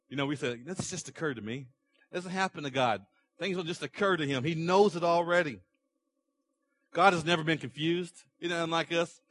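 A man's voice: fairly high pitch, a bit bright. A middle-aged man preaching a sermon in a conversational way, asking rhetorical questions and repeating his points. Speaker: pastor.

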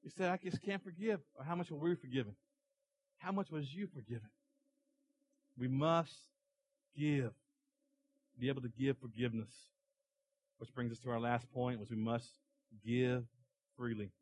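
A man preaching a sermon to his church, animated as he tells stories and acts out characters. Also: medium pitch, moderate pace, long pauses, a little hiss or hum, rough recording. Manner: animated storytelling, acting out characters in the parable. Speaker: pastor.

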